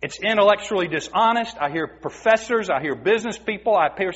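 A man's voice: high-pitched, expressive, brisk, fairly bright tone. A man preaching a sermon, emphatic and asking the congregation rhetorical questions. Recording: dull, muffled recording in a reverberant hall.

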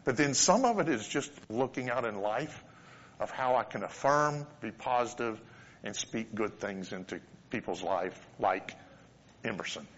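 A man's voice: mid-range voice, lively intonation, a little slow, a bit bright, slight background noise. A man giving an informal, conversational sermon as a pastor, telling a personal story with earnest asides. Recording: dull lo-fi sound in a reverberant hall.

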